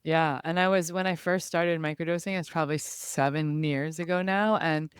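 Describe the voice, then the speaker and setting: A woman's voice: deep voice, steady tone, normal speed, smooth, dry recording, clean studio sound. A woman hosting a podcast, talking casually and chattily with lots of "like" fillers. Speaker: podcast host. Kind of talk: casual conversational interview.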